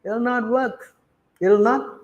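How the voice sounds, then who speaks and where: A man's voice: very high voice, normal speed, highs cut off. A man reading scripture verses and then explaining them bluntly, checking in with his listeners with "huh?" and "you understand?". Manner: peppers talk with rhetorical questions like "huh?". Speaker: scripture class teacher.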